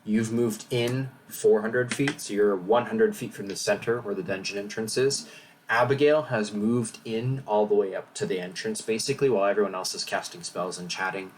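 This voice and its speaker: A man runs a tabletop game over a voice call, his voice fairly low and unhurried. He explains the rules with fillers and little restarts. The mic sits a bit far off, with a faint hiss behind. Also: fairly even intonation. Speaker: game master.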